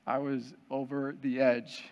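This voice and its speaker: A man telling a personal story to an audience in a conversational, self-deprecating and lively way. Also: mid-range voice, a little slow, long reverb tail, lo-fi sound.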